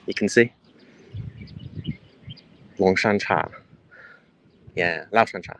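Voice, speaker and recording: British male travel streamer, rambling casual delivery, handheld outdoors with clear noise behind. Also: low voice, slow, a bit bright, rough recording. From United Kingdom. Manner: rambling, chatty, with frequent fillers and restarts. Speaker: travel vlogger livestreaming. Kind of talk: casual walking livestream. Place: outdoors in a rural mountain village.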